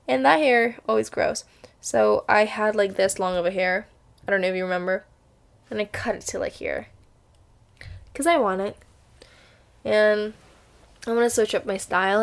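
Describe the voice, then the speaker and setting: A woman's voice: mid-range voice, gravelly. A woman in her twenties talking straight to camera in a chatty, upbeat vlog, often restarting her sentences. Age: 20s. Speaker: vlogger. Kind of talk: casual vlog monologue.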